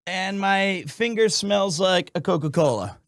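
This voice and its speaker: A man's voice: sits high, measured pace, a bit bright, dry recording, clean studio sound. A man streaming live, chatting casually and jokingly with his viewers, rambling along with frequent restarts and self-corrections. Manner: joking and playful with chat.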